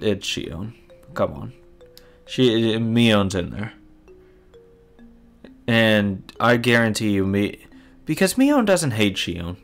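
A man reading a visual novel aloud and adding heated, profane commentary. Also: on the low side. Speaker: let's play host.

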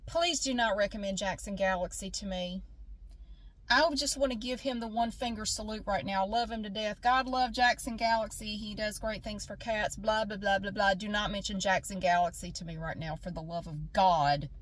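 A woman's voice: medium pitch, moderate pace. A tired woman venting in a casual vlog, recorded on a phone in her parked car, frustrated and talking to herself. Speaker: vlogger.

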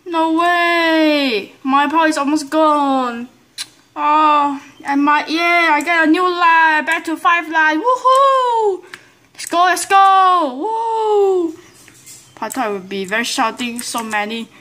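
High excitable woman gamer. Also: measured pace. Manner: excitable, frequent exclamations and groans, broken English. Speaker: gameplay commentator. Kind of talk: live gameplay commentary.

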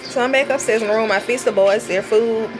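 A woman's voice: a little high, a little fast, music in the background. A woman chatting casually to her viewers from her kitchen at home, colloquial and talkative, often calling them "y'all". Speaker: vlogger. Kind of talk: casual chat to camera.

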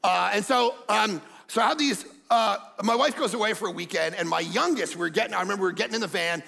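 A man in his forties preaching a sermon as pastor, telling stories animatedly and shouting some lines for emphasis. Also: high voice, fast, gravelly, husky, in a large hall. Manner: animated storytelling, acts out quotes, shouts for emphasis.

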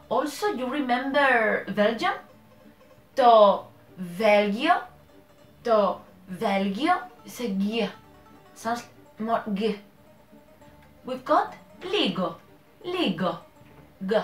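Spanish-accented woman hosting a casual learning vlog; slow, self-correcting, laughs at herself; echoey room with faint music. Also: fairly high pitch, big pitch swings. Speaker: language learner and host. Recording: roomy echo with faint music.

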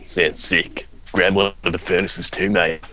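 A man's voice: sits low, flat delivery, a little slow, pushed and bright. A young man putting on a cheery Aussie bloke. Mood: easygoing. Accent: put-on Australian. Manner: easygoing, ends lines with mate and eh. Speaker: gamer. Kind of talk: joking gameplay chat in character.

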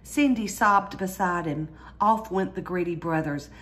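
Woman, storybook read-aloud, lively delivery, slightly low pitch. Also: unhurried. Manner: lively read-aloud, jumps higher for squeals and cries. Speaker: storyteller reading a picture book.

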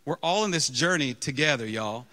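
A pastor in his thirties telling a humorous, self-mocking story during a sermon, with lively, animated delivery. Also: medium pitch, normal speed.

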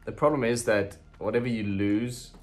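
A man's voice: fairly low pitch, steady tone, moderate pace, darkish tone, faint music behind. A young man hosting a gaming channel, chatting casually through his gameplay with lots of ums and frequent swearing.

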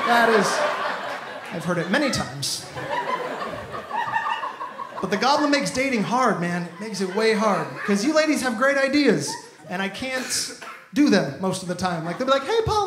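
A man doing a stand-up comedy set on stage, telling stories in an animated, exasperated way into a handheld mic. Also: sits high, normal speed, noisy background. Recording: echoey venue with loud audience ambience. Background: audience laughter.

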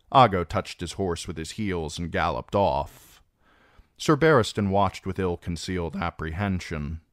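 A man narrating an audiobook in a measured, expressive way. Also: deep voice, no room sound, studio quality. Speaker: audiobook reader.

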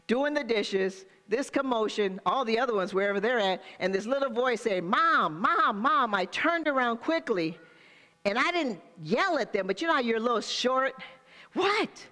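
Older woman pastor, bright forceful tone, congregational sermon style. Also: a little high, animated, normal speed, in a large hall. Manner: preaching with call-and-response asides.

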